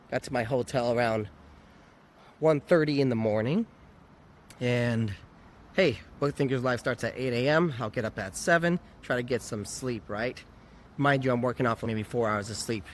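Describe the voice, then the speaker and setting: A worn-out man recovering from a cold tells a candid, reflective personal story in a casual vlog. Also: mid-range voice. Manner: candid, reflective, laughs at himself. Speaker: vlogger. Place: outdoors near a convention area. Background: faint traffic noise.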